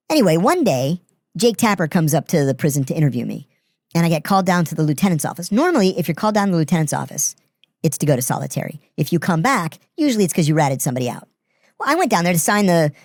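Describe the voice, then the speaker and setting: A middle-aged man tells grim stories in a blunt, deadpan way, rattling the words off at a fast clip. His voice sits close to the mic in a dry, dead room with no echo, as a podcast guest chatting casually. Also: sits high. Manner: blunt, profane, deadpan delivery of grim anecdotes. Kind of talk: casual storytelling.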